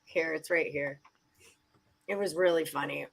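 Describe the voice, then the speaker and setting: A woman's voice: deep voice, steady tone, measured pace, vocal fry. A woman hosting a sports betting show, chatting casually with a playful, teasing manner. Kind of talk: casual chat.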